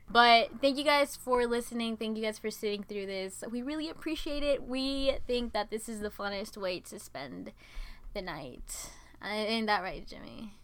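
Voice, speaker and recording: A young woman co-hosting a casual podcast, loud, giggly and profane in her teasing. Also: a little high, unhurried, clear, resonant tone. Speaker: podcast co-host.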